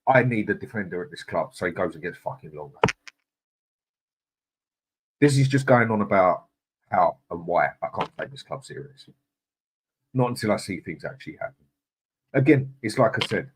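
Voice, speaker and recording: A man's voice: lowish voice, a little hiss or hum. A man hosting a live football stream, ranting angrily and swearing, then reading out and greeting viewers in the chat by name. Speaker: host.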